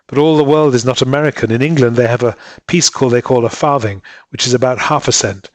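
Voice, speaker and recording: A man's voice: mid-range voice, fairly quick, no room sound, close to an everyday voice. A man reading aloud and voicing a devoted young island woman who pleads earnestly with her husband. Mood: urging.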